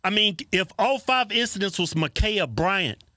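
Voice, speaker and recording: A man's voice: high-pitched, animated, normal speed, bright, forceful tone, no echo. A man co-hosting a casual political chat show, blunt and argumentative, pushing back on his partner. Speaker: co-host.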